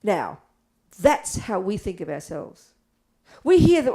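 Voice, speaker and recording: An older woman teaching Buddhism to an audience, blunt and animated, asking rhetorical questions. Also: medium pitch, slow pace. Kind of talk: dharma talk to an audience.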